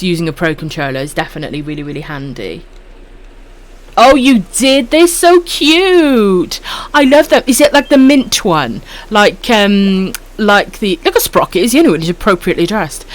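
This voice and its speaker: A woman with a Welsh accent chatting casually on a live stream while gaming, swearing freely and calling viewers love and sweetheart. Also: on the low side. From Wales.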